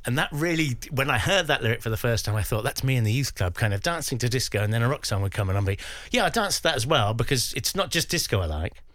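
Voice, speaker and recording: An English man in his fifties tells stories as a radio guest, his pitch rising and falling a great deal. He lively acts out the voices of people he quotes. The studio sound is dry and close. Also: fast, hardly any pauses, no room sound. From England. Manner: animated storyteller who acts out quoted voices. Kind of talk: radio interview, reminiscing.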